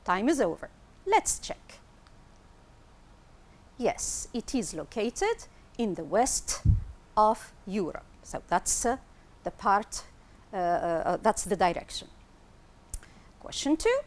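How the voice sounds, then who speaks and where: A woman teaching an English lesson on television, explaining slowly and clearly and repeating words for pronunciation. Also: mid-range voice, big pitch swings. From Tunisia.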